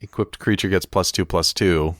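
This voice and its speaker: A low-voiced man chats wryly on a podcast, chuckling as he reads card text aloud. The recording is dry and close, with no room sound. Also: fairly even intonation, moderate pace, a bit bright, dry recording. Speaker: podcast co-host. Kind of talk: casual chat reviewing game cards.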